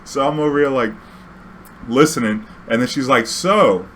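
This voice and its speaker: A young man tells a story in a loose, easygoing way, full of slang and swearing. His voice sits at an ordinary middle pitch. There is a faint noise behind him. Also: normal speed, a bit bright. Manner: profane, laid-back, full of slang and fillers. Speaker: vlog host. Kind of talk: casual storytelling.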